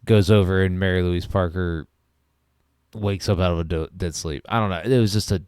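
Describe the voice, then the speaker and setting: Low-voiced, hesitant man on a podcast. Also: fairly even intonation, moderate pace, darkish tone, clean tone, dry recording, clean studio sound. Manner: hesitant, agreeable, laughs easily. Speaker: podcast co-host. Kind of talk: casual movie review chat.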